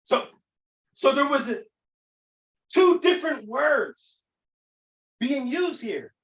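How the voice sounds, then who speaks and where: A man's voice: very high voice, animated, slow, fairly bright tone, reverberant, far from the mic, low-quality recording. A man giving an emphatic Bible lesson, often restarting his sentences. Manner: emphatic, with many restarts and fillers. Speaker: Bible teacher. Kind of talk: teaching sermon.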